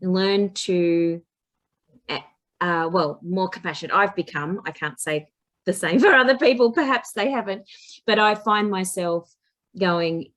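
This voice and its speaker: A woman coach and teacher, a podcast guest, chatting casually and telling lively stories in which she acts out what people said. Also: on the low side, a little slow. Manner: animated storyteller who acts out quotes. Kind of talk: casual chat.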